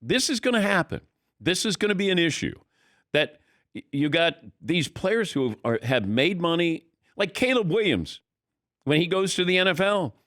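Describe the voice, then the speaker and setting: A man in his sixties hosting a sports talk radio show in a studio, talking in an animated, rambling, conversational way. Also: high-pitched, normal speed, no room sound. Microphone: studio mic.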